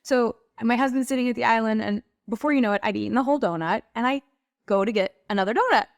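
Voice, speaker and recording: A middle-aged woman, a guest on a talk show, telling personal stories in an animated way and acting out what people said. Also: a little high, fast talker, no room sound, studio quality. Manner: animated, acts out quoted voices. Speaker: guest, women's group leader. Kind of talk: conversational storytelling.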